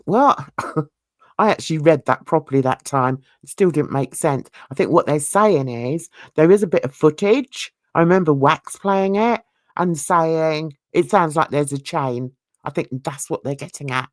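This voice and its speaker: A woman's voice: low-pitched, moderate pace, dry recording, clean studio sound. A woman hosting a true crime channel, reading viewer comments aloud in a casual, self-mocking way, stumbling over words and laughing at herself.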